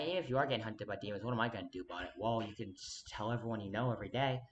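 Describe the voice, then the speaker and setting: Man, rambling vlog monologue, mid-pitched voice, insistent, restless, faint background hiss. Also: fairly bright tone. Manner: rambling, restless, frequent restarts and sudden emphatic jumps; earnest, insistent, addresses viewer directly. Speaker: vlogger.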